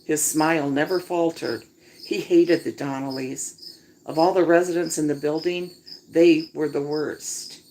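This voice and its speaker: A woman's voice: low voice, fairly even intonation, measured pace, a little mellow, low-quality recording. A woman reading a story aloud outdoors at night and chatting casually to listeners between passages. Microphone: phone propped on a chair. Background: crickets and insects.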